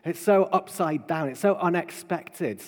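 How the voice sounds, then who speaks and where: A man preaching a sermon to his congregation, building emphatically to loud proclaiming peaks. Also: fairly high pitch, measured pace. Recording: long hall reverb.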